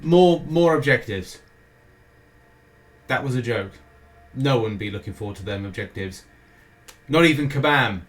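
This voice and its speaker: As a gaming show host, a British man loosely runs down a game's weekly schedule, often breaking off for self-deprecating jokes. He speaks in an expressive mid-range voice, a little slowly, with long pauses.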